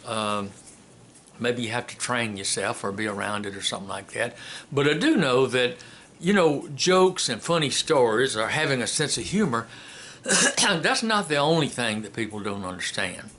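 A man giving a casual spoken commentary and telling a joke in a folksy, unhurried way with many filler pauses. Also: medium pitch, expressive, fairly bright tone. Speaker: commentator and storyteller.

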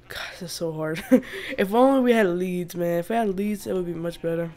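Fairly low in pitch and warm, this woman's voice runs a little fast with hardly any pauses. Hosting a gaming video, she chats casually while playing a survival game, laughing often and bursting out in annoyance at the animals.

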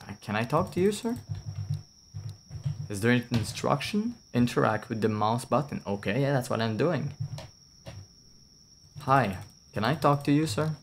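A man's voice: mid-range voice, gravelly, a little hiss or hum. A man, casually commentating a game while streaming, blunt, swearing and laughing often. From France. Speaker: VTuber streamer.

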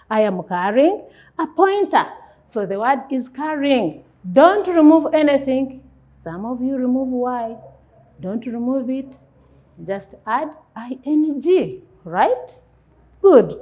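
A woman teaching young children, with a slightly high voice that rises and falls a lot. She talks slowly, asks questions and answers them herself. The recording is dull and lo-fi. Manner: slow, sing-song teacher talk, asks and answers her own questions. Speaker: primary school English teacher. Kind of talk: classroom lesson.

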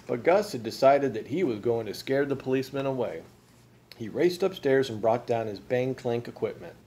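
Man, dad, reading a picture book aloud, asks the kids questions, mellow tone. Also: medium pitch. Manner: storytelling, pausing to ask the listener questions. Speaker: father.

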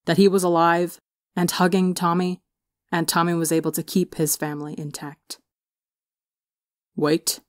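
A woman reading fan fiction aloud as an audiobook narrator, expressive on the emotional beats. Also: on the low side, normal speed, no room sound, studio quality. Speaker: audiobook reader. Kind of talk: storybook narration.

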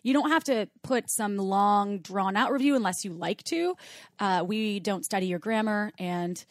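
A woman's voice: mid-range voice, normal speed, dry recording, clean studio sound. A woman co-hosting a casual podcast, chatty and playful with jokes. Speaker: podcast co-host.

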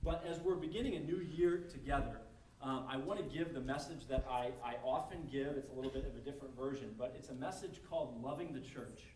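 A man's voice: mid-range voice, fairly quick, darkish tone, a little hiss or hum. A male pastor preaching a conversational sermon to a congregation, acting out quoted scenarios along the way. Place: church service hall. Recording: echoey room miked from a distance.

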